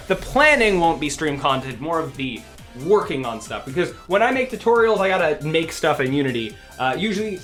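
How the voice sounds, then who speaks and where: A man's voice: a little high, a bit bright. A man chatting casually on a game development livestream, rambling with many restarts and fillers.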